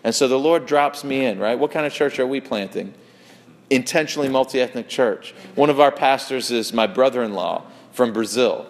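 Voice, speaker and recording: A man's voice: mid-range voice, moderate pace, big-room sound. A male pastor preaching a sermon, telling stories in a loose, conversational way with fillers and restarts.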